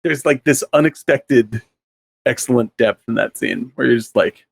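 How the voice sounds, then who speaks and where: A man's voice: medium pitch, gravelly. Man emphatically praising a film scene. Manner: emphatic, quick to affirm and praise. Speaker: podcast co-host discussing a film. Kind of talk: casual chat.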